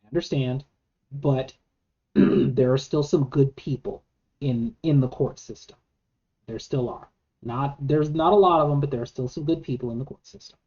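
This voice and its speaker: A woman's voice: a bass voice, normal speed, dark tone, dull audio. A woman giving an earnest, argumentative monologue to camera, with many rhetorical questions and frequent restarts. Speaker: vlogger.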